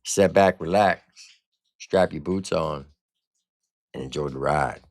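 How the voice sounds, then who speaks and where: A man's voice: a bass voice, takes it slowly, darkish tone, dry recording. A man hosting a casual livestream album review, talking in blunt, profane slang. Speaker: music reviewer and streamer host.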